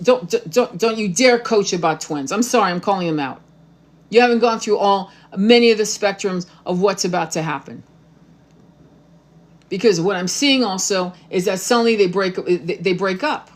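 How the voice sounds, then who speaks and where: Blunt, profane woman tarot host. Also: medium pitch. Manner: fiery, repeats phrases for emphasis. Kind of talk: live-streamed spiritual talk.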